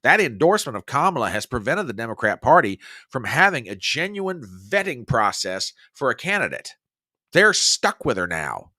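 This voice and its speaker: Animated, forceful political talk-show man. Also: medium pitch, moderate pace, no room sound, clean studio sound. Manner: emphatic and animated, with frequent restarts. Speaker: host of a conservative political podcast. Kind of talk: opinionated political commentary.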